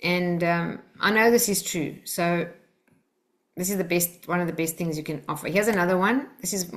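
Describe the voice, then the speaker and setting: A woman teaching a live workshop, coaching the group gently and acting out phrases to say to children. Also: lowish voice, moderate pace. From Australia.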